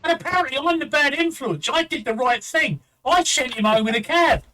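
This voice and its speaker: Bright high-voiced Englishman telling a story. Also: lively intonation, brisk, slight background noise, low-quality recording. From England. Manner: swearing, repeats "right?" as a tag; quotes others in a raised voice. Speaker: show host. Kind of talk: casual storytelling chat.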